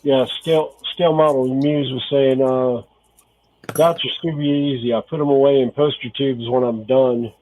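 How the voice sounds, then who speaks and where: A man's voice: medium pitch, fairly even intonation, moderate pace, darkish tone, slight background noise, rough recording. A man chatting casually with friends, giving short laid-back replies. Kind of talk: casual chat.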